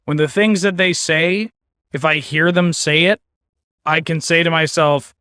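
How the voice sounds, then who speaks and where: A man's voice: a little high, unhurried, sharp tone, smooth, no echo, studio quality. A man streaming a card game, giving casual commentary with wry, sarcastic asides.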